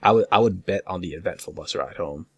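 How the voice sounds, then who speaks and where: A man co-hosting a podcast in casual chat, talking quickly and stumbling through restarts. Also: sits low, husky, no echo, muffled recording. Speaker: podcast co-host.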